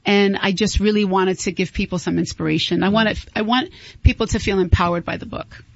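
A woman's voice: medium pitch, a little fast, gravelly, no echo. A woman talks through her story as an interview guest, earnest and heartfelt, often stumbling and restarting mid-sentence. Her voice is dry and close, with a dull, lo-fi broadcast quality. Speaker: guest author. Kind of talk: candid interview talk.

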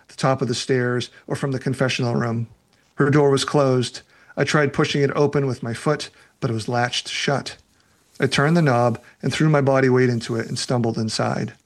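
Novelist reading and discussing his book. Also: mid-range voice. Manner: relaxed, laughs often, uses fillers such as "you know". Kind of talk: reading from his novel and answering reader questions.

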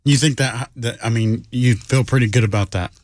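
Man, sports podcast co-host, mid-pitched voice, easygoing, dry close sound. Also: moderate pace, darkish tone, dry recording. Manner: easygoing, rambling, hesitant. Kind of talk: casual sports chat.

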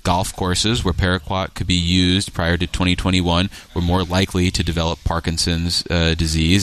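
A man hosting a news interview, pressing his guest with probing, challenging questions. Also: sits low. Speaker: radio interviewer.

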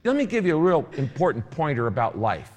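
A man preaching a sermon, emphatic, with dramatic pauses. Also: on the high side, big pitch swings, in a large hall. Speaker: pastor.

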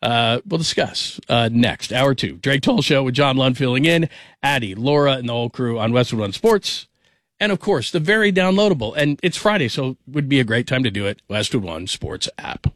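A man's voice: medium pitch, lively intonation, normal speed, fairly bright tone, no room sound, clean studio sound. A man hosting a sports radio show, talking casually, rambling and laughing often. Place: radio studio. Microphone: studio microphone.

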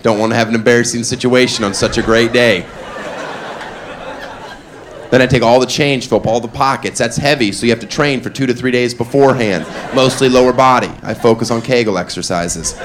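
A man performing a stand-up set on a comedy club stage, dry and deadpan, often breaking into his own laughter. His voice sits in an ordinary middle range through a handheld mic. The live recording carries clear background noise. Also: medium pitch, brisk.

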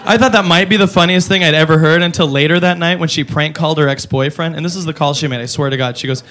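A man's voice: fairly high pitch, quick pace, hardly any pauses, a bit bright. A man doing a stand-up comedy routine, ranting in a profane, incredulous way and slipping into goofy voices.

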